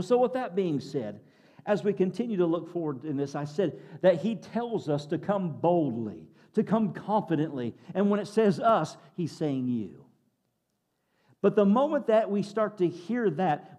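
A man preaching a sermon, switching between loud exclamations and hushed moments and repeating words as he builds up. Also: a little high. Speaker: pastor.

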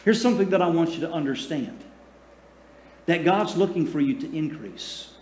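A man preaches a sermon in a fairly high voice, in a roomy church that echoes. He calls out for answers from the congregation and shifts between booming emphasis and slow, hushed lines. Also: animated, slight background noise. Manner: preaching with calls for audience response; swings between loud emphasis and soft, slow passages. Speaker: pastor. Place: church sanctuary. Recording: echoey room.

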